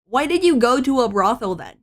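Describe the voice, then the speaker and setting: A woman's voice: a little high, very animated, brisk. A woman streamer reading webtoons aloud, breaking off into joking, self-mocking comments.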